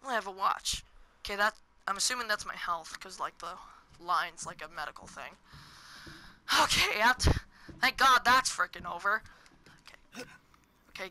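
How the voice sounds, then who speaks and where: Teen girl, lively let's-play commentator, bright piercing tone, faint noise behind her. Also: mid-range voice, low-quality recording. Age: teens. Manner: hyper, jumpy, yelps and screams at scares. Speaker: gaming commentator.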